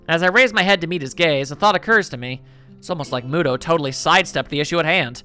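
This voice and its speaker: Let's play host narrating a visual novel, bright slightly high voice, soft guitar underneath. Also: male voice, fast talker. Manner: reflective first-person narration. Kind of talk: reading a visual novel aloud.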